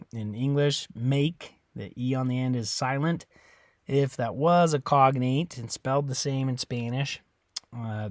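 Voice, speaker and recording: Man, Spanish teacher explaining pronunciation; patient, repeats and checks in, medium pitch, dry recording. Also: no echo. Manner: patient, repeats "okay?" often, models words slowly. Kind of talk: classroom lesson explanation.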